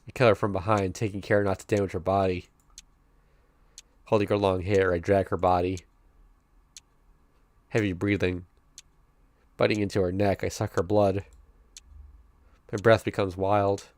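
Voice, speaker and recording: A man streaming, reading a visual novel aloud in steady first-person narration and breaking off now and then with chuckling asides. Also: deep voice, moderate pace, long pauses, no room sound.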